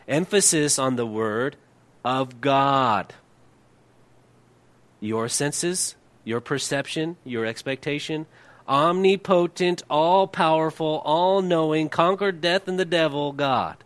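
A middle-aged man, a pastor, preaching a sermon. He asks the congregation rhetorical questions and often drops to a hushed, low voice to drive a point home. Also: a little slow.

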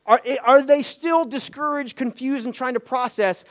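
A man's voice: very high voice, normal speed, few pauses. A man preaching a sermon, asking rhetorical questions and acting out the lines of people in the story. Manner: acts out quoted voices, many rhetorical questions. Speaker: pastor.

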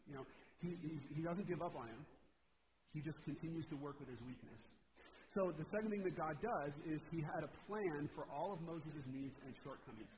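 Male pastor, slightly high voice, relaxed conversational sermon, reverberant hall with audible ambience behind. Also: normal speed, background noise. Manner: casual, rhetorical "right?" asides.

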